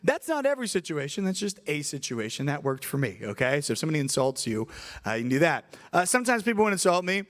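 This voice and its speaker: Animated young man preaching to kids. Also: a little high, fast. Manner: animated storytelling, acts out voices in anecdotes. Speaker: youth pastor. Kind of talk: sermon to middle schoolers.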